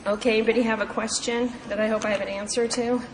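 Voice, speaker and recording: At an AA meeting, a woman shares her personal recovery story in a casual way, with many fillers and restarts. Her voice is on the high side, steady in tone, and quick. The recording comes from an echoey hall with faint ambience and some background noise.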